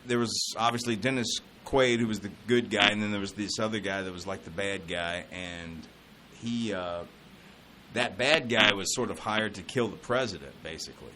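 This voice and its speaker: A man's voice: fairly low pitch, normal speed, pushed and bright, a little hiss or hum, poor audio. A man co-hosting a radio show, telling a rambling story in casual studio banter. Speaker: radio co-host.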